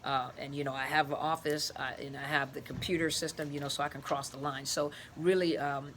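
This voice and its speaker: A woman's voice: low voice, flat delivery, fairly quick, slight background noise. A middle-aged woman, a therapist and life coach, explaining her work in an earnest, searching way as an interview guest. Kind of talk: casual interview talk.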